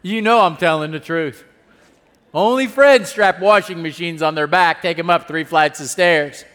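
A male pastor preaching a sermon with call-and-response asides, moving between hushed and loud delivery. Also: a little high, moderate pace, in a large hall.

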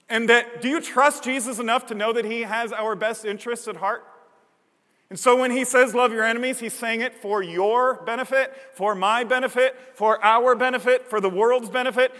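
A man's voice: very high-pitched, bright, forceful tone, long reverb tail. A man preaching a sermon as a pastor, earnest and emphatic, building his points through repetition.

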